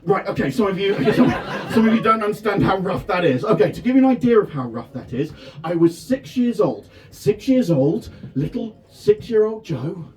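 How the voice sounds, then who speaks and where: A man in his thirties from Devon performing a self-deprecating stand-up set at a festival tent, often shouting his punchlines. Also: sits high, sing-song, normal speed, recorded from a distance. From England (Devon). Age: 30s. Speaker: stand-up comedian. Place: festival tent with a live audience.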